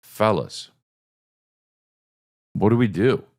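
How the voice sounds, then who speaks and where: A man hosting a podcast, telling a comedic story and acting out his own and others' lines with big jumps in his voice. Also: slow. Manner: animated, acts out quotes with big pitch jumps. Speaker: podcast host.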